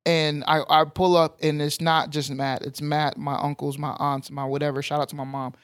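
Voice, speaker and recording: A young man tells a story on a podcast, animated and emphatic. His voice sits fairly high for a man. The sound is close and dry, with no room echo. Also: normal speed, clear, resonant tone. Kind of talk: casual storytelling chat.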